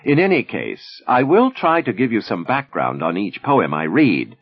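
A man voicing a wry, defiant Soviet woman poet who speaks in a dry, ironic, measured way at a reading. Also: fairly low pitch, huge pitch swings, slightly rough, pitched above the performer's own voice, full character voice. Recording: dull lo-fi recording.

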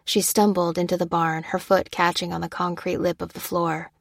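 A woman narrating a thriller audiobook in a steady, measured way. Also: on the low side, vocal fry, dry recording, studio quality.

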